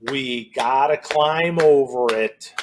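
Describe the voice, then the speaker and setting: A man's voice: mid-range voice, slow pace, background noise. A man leading a children's story walk outdoors, chanting a repeating refrain with playful exclamations. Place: outdoors in a cornfield and woods.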